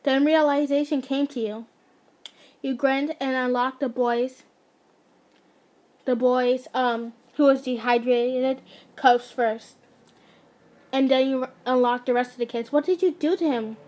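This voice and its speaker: A woman's voice: sits high, level tone, slow pace, pauses often, a little mellow. A woman casually reading fan fiction aloud, often stumbling, restarting and breaking off to joke.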